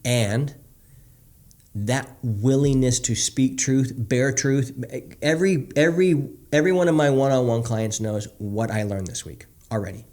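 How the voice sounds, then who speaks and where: A man's voice: mid-range voice, fairly even intonation, a little slow, a little mellow. Blunt, profane man ranting on a podcast. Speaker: podcast host and marriage coach. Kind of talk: candid podcast chat.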